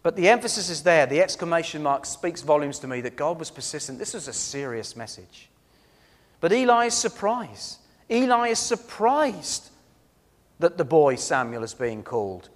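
A man delivers a sermon with a somewhat high voice, telling stories earnestly and leaning hard on key words before dropping soft. His voice rings out with the long reverb of a church hall. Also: very animated, normal speed. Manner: earnest, storytelling, emphatic swings between loud and soft. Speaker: preacher.

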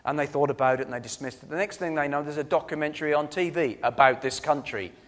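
A man's voice: on the high side, fast. Earnest preacher man, echoing hall. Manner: earnest, storytelling, emphatic swings between loud and soft. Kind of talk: sermon.

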